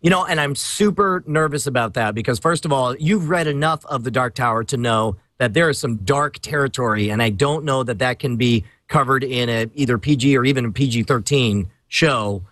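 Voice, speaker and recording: A man's voice: medium pitch, brisk, hardly any pauses, fairly bright tone, dry recording. A man co-hosting a podcast, chatting casually and enthusiastically, repeating words for emphasis. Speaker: podcast co-host. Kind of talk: casual chat.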